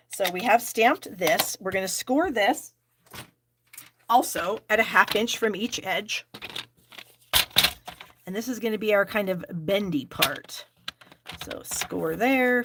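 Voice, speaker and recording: A woman's voice: medium pitch, noisy background. Chatty woman leading a stamping class. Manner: chatty, self-deprecating, talks to herself. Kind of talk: live crafting demonstration.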